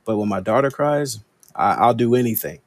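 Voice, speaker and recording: A man's voice: mid-range voice, normal speed, no echo. A man in his thirties from Los Angeles chatting casually as a podcast co-host, candid and confessional, often saying "man". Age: 30s. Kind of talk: casual chat.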